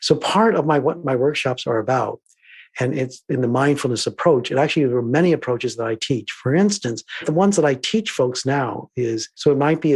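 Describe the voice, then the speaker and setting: Guy w a husky voice telling workshop stories, swings soft to emphatic. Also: medium pitch, a little fast. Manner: thoughtful, acts out dialogue, shifts between soft and emphatic. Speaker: diversity trainer and filmmaker, guest. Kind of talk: reflective storytelling interview.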